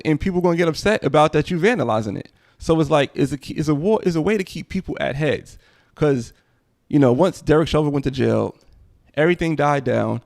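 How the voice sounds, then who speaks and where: A man's voice: mid-range voice, vocal fry, a little mellow, no room sound, clean studio sound. A man hosting a casual commentary livestream, rambling conversationally. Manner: rambling, conversational, frequent "you know what I'm saying". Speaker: livestream host.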